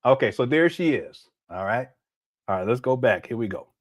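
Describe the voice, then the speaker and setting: A man's voice: medium pitch, animated, normal speed, noisy background. A man hosting a casual reaction commentary, joking and laughing as he fires off incredulous rhetorical questions. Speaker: commentary host.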